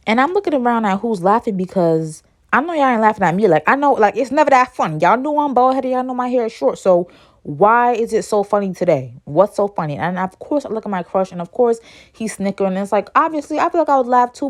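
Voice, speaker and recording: A young woman, telling a story from her school days in a casual, indignant way, her voice jumping high when she gets worked up. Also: very animated, quick pace.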